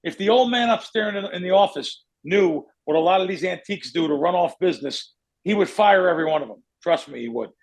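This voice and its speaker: Hosting a betting podcast, a man who bets on sports spins long, rambling stories in casual conversation, cursing freely and wandering off on tangents. His high voice is gravelly and brisk, with lively intonation.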